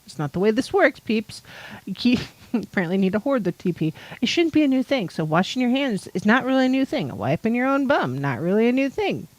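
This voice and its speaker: A woman's voice: a little high, sing-song, brisk, a little mellow, no echo, low-quality recording. A woman from North Idaho hosting a podcast, chatting casually and rambling with exasperation and many fillers. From North Idaho, United States. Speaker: podcast host. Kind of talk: casual chat.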